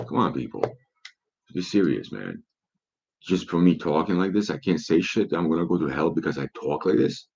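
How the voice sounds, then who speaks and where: A man's voice: low-pitched, lively intonation, normal speed, vocal fry, a little mellow, slightly rough. A man talking in a profane, rambling monologue full of rhetorical questions, on a dull lo-fi recording.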